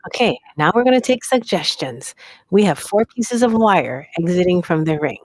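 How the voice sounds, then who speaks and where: A woman's voice: on the low side, lively intonation, normal speed, dry recording, rough recording. Chatty woman host, whispering asides. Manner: chatty, laughs often, drops into whispers. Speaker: livestream host at a bead shop. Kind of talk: chatty live demo commentary. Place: bead shop workroom.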